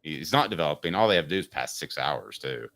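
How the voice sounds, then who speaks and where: A man's voice: extremely low pitch, big pitch swings, quick pace, gravelly, fairly bright tone. A man hosting a sports talk show, opinionated and emphatic, arguing his points with rhetorical questions.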